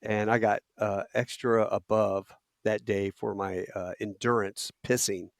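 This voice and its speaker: A middle-aged man telling a long anecdote on a podcast, animated and acting out quotes. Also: fairly low pitch, a little slow, vocal fry, no echo, studio quality. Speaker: podcast guest. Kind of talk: casual storytelling.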